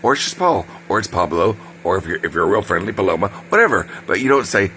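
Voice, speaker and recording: This deep-voiced man speaks expressively and fairly quickly, barely pausing, in a bright and forceful tone. He's recounting something personal in a digressive, casual way, full of side remarks and filler words, over slight background noise.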